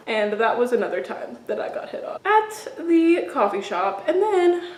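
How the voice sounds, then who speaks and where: A woman's voice: medium pitch, fairly bright tone. A young woman and beauty vlogger, chatting casually and rambling through stories while doing her makeup, often laughing. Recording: roomy echo.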